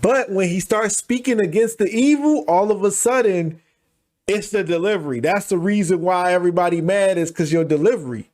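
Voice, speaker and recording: A man hosting a reaction channel, restating the clip's point in fast, casual commentary full of slang. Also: high-pitched, darkish tone.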